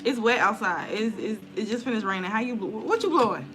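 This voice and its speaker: A woman's voice: mid-range voice, expressive, fast talker, few pauses. A woman reading tarot and chatting casually to viewers on a live stream at home, slangy and loose, swearing freely. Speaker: tarot reader and spiritual content creator. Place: indoors at home near an open window. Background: outdoor noise through the window.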